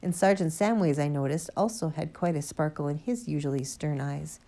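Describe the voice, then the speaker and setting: Low mellow woman reading a storybook. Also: normal speed. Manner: lively expressive reading, first-person boy narrator. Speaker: audiobook reader. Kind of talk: storybook narration read aloud.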